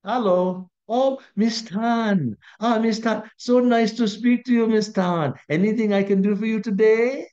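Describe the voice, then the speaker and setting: A man's voice: sits high, unhurried, few pauses, darkish tone, voice pushed up. A man voicing an office worker who gushes with sugary politeness on a phone call. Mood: gushing. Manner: gushing, sugary, exaggerated politeness. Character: fawning overly charming office man on phone.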